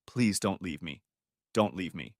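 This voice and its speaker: A tearful wife caught cheating, her voice pushed high and shaking with pleading, as a male narrator puts her on. She begs and sobs in a dry, close recording. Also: sing-song, moderate pace, a bit bright, no echo. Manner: pleading, sobbing. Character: tearful guilt-ridden wife, middle-aged woman.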